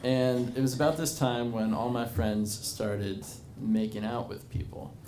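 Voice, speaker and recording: A man in his twenties tells a rambling, self-mocking personal story to a live bar crowd, packed with fillers. His mid-range voice is unhurried with fairly even intonation. The bar is echoey and full of crowd noise.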